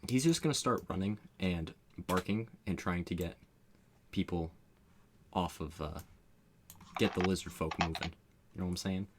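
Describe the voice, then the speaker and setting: Male player, very low voice, lively delivery, noisy stream mic. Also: moderate pace, long pauses. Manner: animated, thinks aloud while tallying rolls. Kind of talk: playing a tabletop game over a stream.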